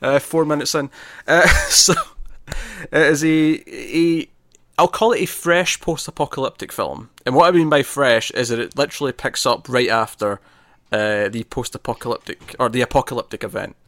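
A man's voice: medium pitch, normal speed, fairly bright tone, no room sound. A man co-hosting a casual movie review podcast, rambling and correcting himself, often laughing. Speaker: podcast co-host.

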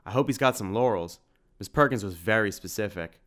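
A man's voice: on the low side, fairly quick, a bit bright, lightly acted. A man voicing a nervous, casual young boy who talks in slang, in a storybook reading. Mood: chatty.

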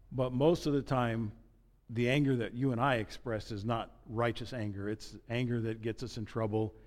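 Joking pastor in a reverberant hall. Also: male voice, mid-range voice, darkish tone. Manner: conversational and joking, with asides and restarts. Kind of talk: sermon.

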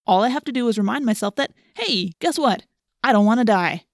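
A woman's voice: mid-range voice, animated, normal speed, no echo, studio quality, close to an everyday voice. A woman voicing a sarcastic, wary teenage boy with a snappy, sardonic delivery.

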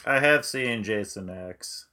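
Man, low voice, bright and forceful, slangy, casual podcast chat. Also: slow pace. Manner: enthusiastic, slangy, emphatic agreement. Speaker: podcast co-host. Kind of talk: casual movie-review chat.

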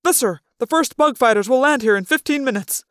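A woman's voice: high voice, lively intonation, brisk, clear, resonant tone, pitched above the performer's own voice. A woman voicing a frightened male alien soldier who stammers and hurries to obey, read in a fan audiobook. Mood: nervous. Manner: nervous, stammering, eager to obey.

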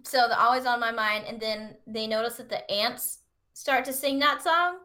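A woman's voice: a little high, normal speed. A woman chatting casually as a podcast co-host, retelling a movie and acting out the characters' lines. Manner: animated, acts out quotes in put-on voices. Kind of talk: casual chat.

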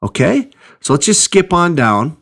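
A man's voice: on the high side, sing-song, unhurried, creaky, a bit bright. A middle-aged man preaching a sermon, teaching through a Bible passage in a conversational way with frequent check-ins. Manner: conversational, with restarts and check-ins like "okay?" and "right?". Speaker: pastor.

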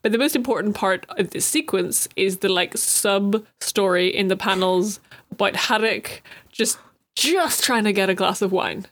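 A woman's voice: mid-range voice, moderate pace, a bit bright. A woman talking through a comic book in a loose, chatty way, dropping casual swears. She sounds like a podcast co-host sharing reactions with friends.

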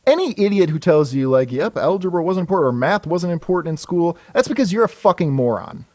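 A man with a slightly higher voice whose pitch swings all over as he rambles and swears through a casual podcast chat. His voice is close and dry, with no room sound. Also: quick pace, dry recording. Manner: animated, rambling, swears freely. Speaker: podcast co-host discussing comics.

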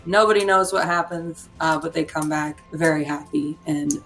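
Low, gravelly woman telling her character's story. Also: fairly even intonation, fairly bright tone, soft background music, rough recording. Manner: halting, stammering restarts. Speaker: player. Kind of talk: role-play storytelling.

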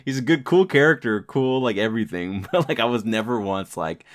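A man's voice: mid-range voice, brisk. A man co-hosting a casual chat, teasing and laughing easily as he talks.

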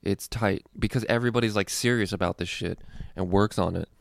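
A man's voice: fairly low pitch, fairly quick, gravelly, no echo, clean studio sound. A young man, a stand-up comedian, chatting casually in a rambling, profane, laid-back way. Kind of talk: casual chat.

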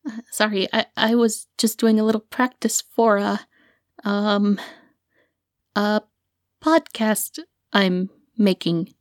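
A woman's voice: mid-range voice, fairly even intonation, slow pace, pauses often, dry recording, studio quality, natural voice. An actress playing a young woman student who talks nervously, stammering with many fillers. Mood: anxious. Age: young adult. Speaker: student and podcaster.

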